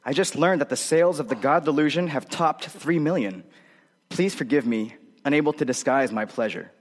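A man's voice: a little high, moderate pace, big-room sound, close to an everyday voice. A preacher putting on a smug, snobbish man. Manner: drawling, self-satisfied.

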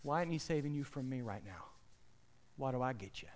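A preacher voicing Death as a scornful figure that taunts believers in low, sneering tones. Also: male voice, lively intonation, brisk, natural voice.

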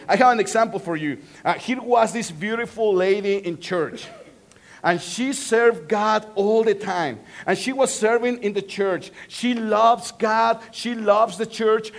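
A man with a Spanish accent preaching a lively sermon, joking and asking his congregation questions. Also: sits high. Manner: lively, playful, asks the crowd questions. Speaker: pastor.

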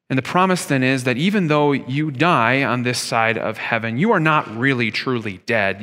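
A man's voice: medium pitch, bright, forceful tone. A man in his thirties preaching a sermon as pastor, talking conversationally and asking his listeners rhetorical questions. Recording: long hall reverb.

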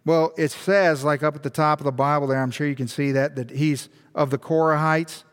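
A male pastor preaching a sermon in an animated way, firing rhetorical questions and repeating words for emphasis. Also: a little high, fairly quick, clear, resonant tone. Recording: long hall reverb.

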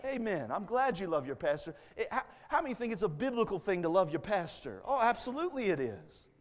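A man preaching a fervent revival sermon as a guest preacher in a church, swelling to shouts. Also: sits high, big pitch swings, a little fast. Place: church sanctuary. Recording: long church-hall reverb.

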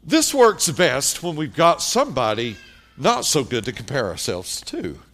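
A man's voice: mid-range voice, huge pitch swings, a little slow, fairly bright tone. A man preaching a sermon, emphatic, repeating key phrases and speaking directly to the congregation. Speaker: pastor.

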